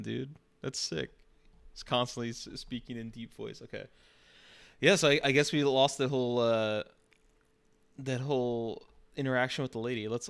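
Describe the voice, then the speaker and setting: A man's voice: medium pitch, gravelly, a bit bright. A man live streaming, chatting casually and teasing, often laughing.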